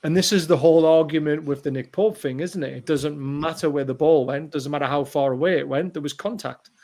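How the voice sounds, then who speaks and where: A man co-hosting a casual football podcast, his voice sitting a little higher than most men's. He tells match stories with animated excitement. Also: brisk. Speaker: podcast co-host.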